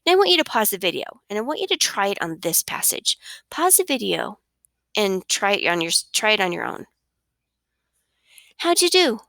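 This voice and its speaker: A woman teaching a recorded reading lesson for children, with an expressive, sing-song teacher's delivery on a close mic. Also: mid-range voice, fairly quick, creaky, no room sound.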